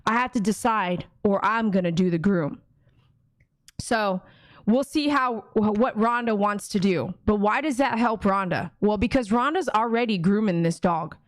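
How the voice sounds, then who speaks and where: A woman's voice: medium pitch, moderate pace, no room sound. Chatty woman groomer on a livestream. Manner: chatty, rambling, acts out conversations. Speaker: dog groomer hosting a livestream. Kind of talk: casual livestream chat.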